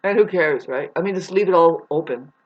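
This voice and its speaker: A woman's voice: fairly low pitch, brisk, darkish tone. A woman vlogger in a casual, rambling monologue who swears now and then and calls her listeners "babes.". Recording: dull lo-fi recording.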